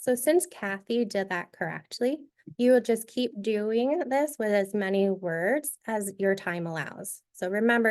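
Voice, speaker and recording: Her voice on the high side with a somewhat dark tone, a woman runs a teacher-training session. She demonstrates a reading activity one step at a time, explaining it clearly.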